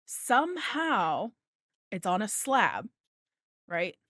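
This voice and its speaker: A young woman tells a story on a podcast in a loose, rambling way, full of asides and casual swearing. Her voice sits at an average pitch and sounds dry and close to the mic. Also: sing-song, very slow, fairly bright tone, no room sound. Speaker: podcast co-host.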